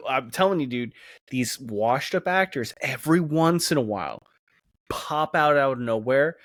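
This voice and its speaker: Lively, swearing podcast co-host man. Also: mid-range voice, normal speed, no echo. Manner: loose, swearing, animated. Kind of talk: casual banter.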